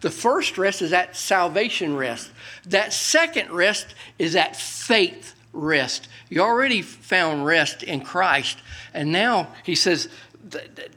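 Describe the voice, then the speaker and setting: Bright-voiced preaching pastor, man. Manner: folksy preaching, swings from loud scripture reading to low asides. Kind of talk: sermon.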